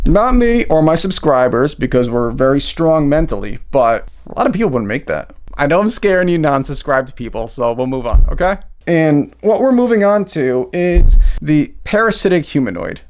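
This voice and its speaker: A man hosting a comedy video, reading scripted facts and breaking into crude, rambling asides. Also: on the high side. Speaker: video host. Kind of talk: comedic commentary mixed with read script.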